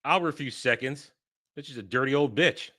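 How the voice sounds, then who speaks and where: A man's voice: mid-range voice, moderate pace, pushed and bright. A man hosting a video reaction, ranting in profane, mock-outraged bursts. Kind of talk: reaction commentary.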